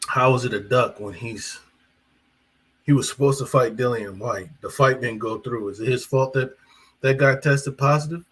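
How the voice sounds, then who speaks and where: A boxing commentator and channel host chats casually on his live boxing talk stream, rambling along with fillers and self-corrections. His voice is mid-range and husky, moving at a normal speed, and the recording is rough.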